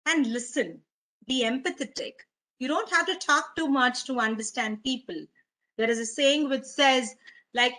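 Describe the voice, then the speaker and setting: A woman giving a gently instructive wellness talk as a webinar presenter. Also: fairly high pitch, poor audio.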